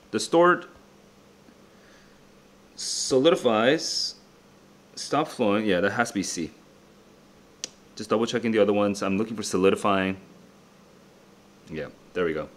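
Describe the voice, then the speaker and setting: Tired young man muttering through test questions. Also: lowish voice. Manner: muttering, self-checking, casual asides to viewers. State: tired and distracted. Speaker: SAT tutor. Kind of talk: thinking aloud while solving test questions. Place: his room.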